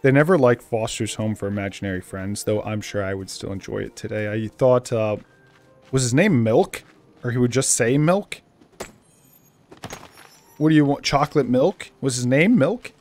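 A young man with a Boston accent chats loosely over a game in a middle-pitched voice. His talk rambles and then jumps into sudden excitement. Soft game music plays faintly underneath. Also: moderate pace. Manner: rambling and chatty, with bursts of excitement. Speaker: gaming channel host. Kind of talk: casual let's play commentary.

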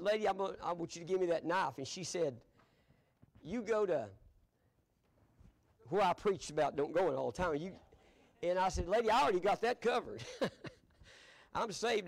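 Folksy pastor telling stories. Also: male voice, high-pitched. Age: older. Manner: folksy, chuckling storyteller. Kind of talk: storytelling sermon. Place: church sanctuary.

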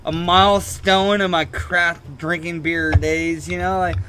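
Man, high bright voice, swearing, joking, casual beer chat, faint background hiss. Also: level tone, measured pace. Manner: profane, joking, breaks into mock voices. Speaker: podcast co-host.

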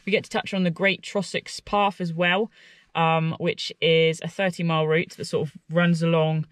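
A woman's voice: fairly low pitch, level tone, normal speed, no echo. Woman hiking vlogger, chatty, self-mocking, dry close camera sound. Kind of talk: casual vlog to camera. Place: outdoors by a lake.

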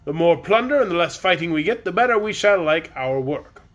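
A man's voice: fairly high pitch, expressive, brisk, fairly bright tone. A man voicing a proud army general who would rather plunder than fight, in a storybook reading. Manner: proud and matter-of-fact.

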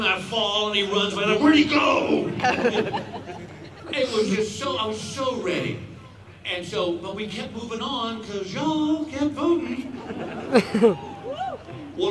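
A man in his fifties telling a stand-up story on stage, animated and acting out voices as he laughs along. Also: high voice. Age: 50s. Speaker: stand-up comedian. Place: outdoor stadium show. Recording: echoey stadium sound from far off. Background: crowd laughter and ambience.

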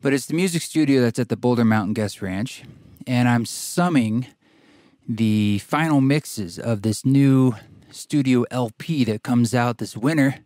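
A man from Oregon hosting a podcast, talking in a relaxed, rambling way with fillers, a bit out of breath. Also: mid-range voice, unhurried, dry recording, studio quality. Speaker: podcast host. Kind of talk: casual podcast intro and interview. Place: tiny house studio.

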